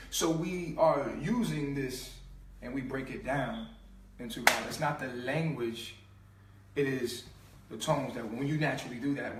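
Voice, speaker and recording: A man's voice: medium pitch, fairly bright tone. A man giving an impassioned spiritual teaching in slangy street talk, emphatic, repeating and stretching sounds to make his point. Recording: echoey room, mic at a distance.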